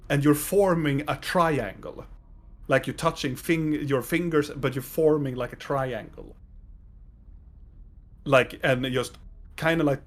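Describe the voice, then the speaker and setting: A man narrating as game master of a tabletop game, describing the scene in a halting way with many fillers. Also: medium pitch.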